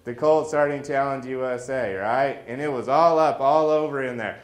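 A man's voice: medium pitch, moderate pace, roomy sound. A man preaching a sermon in a folksy, joking way, weaving personal stories into his message.

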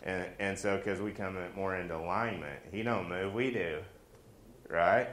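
Echoey low-voiced preacher telling stories. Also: male voice, normal speed, slight background noise. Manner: animated, jokey asides, acts out quoted voices. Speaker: pastor. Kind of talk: storytelling sermon.

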